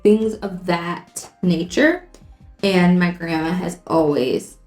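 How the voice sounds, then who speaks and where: A woman's voice: mid-range voice, darkish tone. A young woman and makeup vlogger telling a story in a casual, rambling way while doing her makeup. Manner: chatty and rambling, lots of "like". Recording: echoey room, faint music.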